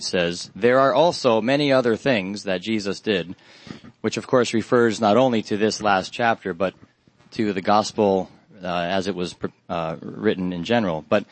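A man preaching a Bible study sermon in a measured, earnest way, pausing often with fillers. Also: lowish voice, dry recording.

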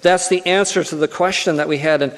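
A man's voice: fairly high pitch, fairly even intonation, fairly quick. Earnest preacher man in an echoing hall. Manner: earnest, repeats key phrases for emphasis. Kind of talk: sermon. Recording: long hall reverb.

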